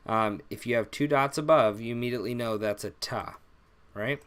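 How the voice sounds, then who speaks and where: A young man teaching an alphabet lesson on a live stream, relaxed and rambling, with many fillers and self-corrections. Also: mid-range voice, normal speed, clean tone. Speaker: language teacher.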